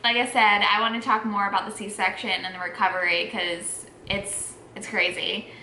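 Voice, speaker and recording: Halting woman with a bright voice. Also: medium pitch, level tone, slight background noise. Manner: halting, trails off and restarts. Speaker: vlogger, mother of twins. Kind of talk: casual storytelling. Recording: echoey room.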